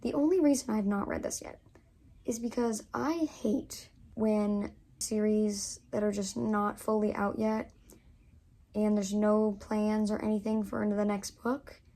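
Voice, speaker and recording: A woman's voice: medium pitch, fairly even intonation, unhurried, mellow. A young woman in her twenties chatting casually to camera as a book vlogger, gushing and full of fillers.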